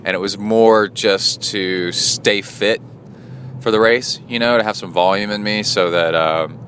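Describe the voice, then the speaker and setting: A man's voice: fairly low pitch, a little slow, slight background noise. A middle-aged man, talking casually and rambling with lots of fillers, livening up when he retells a story. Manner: rambling, with many fillers and restarts; animated when retelling stories. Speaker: podcast host and triathlon coach. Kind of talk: casual spoken diary.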